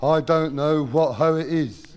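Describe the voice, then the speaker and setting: A man voices a dim-witted, lowbrow playwright with slightly high, ungrammatical, common-sounding speech. It is a 1970s radio comedy sketch, with faint hiss behind it. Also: unhurried, close to an everyday voice.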